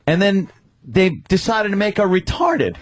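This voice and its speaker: A man with a fairly high voice co-hosting a radio show. He talks emphatically and keeps agreeing with the others as he makes his points. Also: big pitch swings, unhurried. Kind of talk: casual chat.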